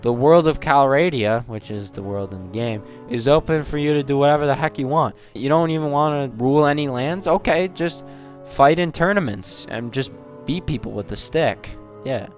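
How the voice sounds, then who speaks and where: A man's voice: mid-range voice, normal speed, faint music behind. A man giving casual game commentary, rambling and joking with plenty of swearing. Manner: rambling, jokey and profane. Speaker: game video essayist.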